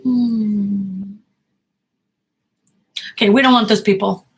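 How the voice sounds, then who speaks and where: A woman's voice: medium pitch, steady tone, slow, soft background music. An American woman, a talent manager and acting coach, giving blunt, emphatic advice to actors in a live Q&A talk.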